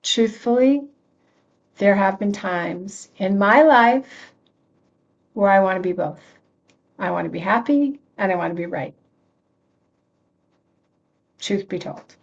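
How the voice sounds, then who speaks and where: Slow-talking woman reverend. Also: medium pitch, expressive, dull audio. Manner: conversational, repeats and restarts phrases, laughs often; reads and answers chat comments. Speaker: reverend leading a prayer circle. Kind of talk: informal spiritual talk.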